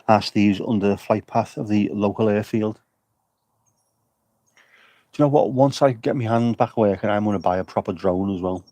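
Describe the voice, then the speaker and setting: Jokey low-voiced man chatting. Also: normal speed, pauses often, warm tone, no echo. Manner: jokey, rambling banter with chat. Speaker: vlogger livestreaming at an air show. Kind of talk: casual livestream chat. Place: outdoors at an air show.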